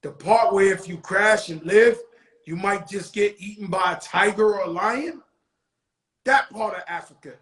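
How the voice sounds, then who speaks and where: A man hosting a talk show, telling stories in a loose, profane street-talk style that slows into motivational preaching. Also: high voice, a bit bright. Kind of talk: casual storytelling monologue. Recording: echoey room.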